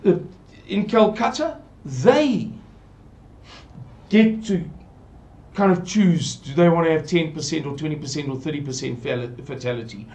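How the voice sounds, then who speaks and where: A man's voice: on the high side, lively intonation, measured pace, a little mellow. A man giving an earnest, pleading, rambling monologue to his viewers. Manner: pleading, repetitive, digressive. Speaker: channel presenter.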